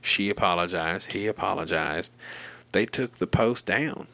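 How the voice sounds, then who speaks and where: A man's voice: low-pitched, measured pace, gravelly, sharp tone, dry recording. A man telling a long story in casual, profane and rambling chat.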